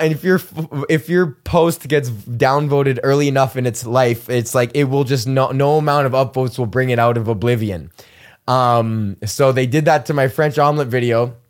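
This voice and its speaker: A young man hosting a podcast, ranting casually and profanely in a rambling, animated way. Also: mid-range voice. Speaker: podcast host.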